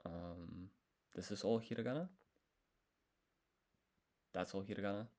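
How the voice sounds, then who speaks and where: A man studying a language on a live stream, thinking aloud, sounding out syllables slowly and correcting himself as he goes. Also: low voice, a little mellow.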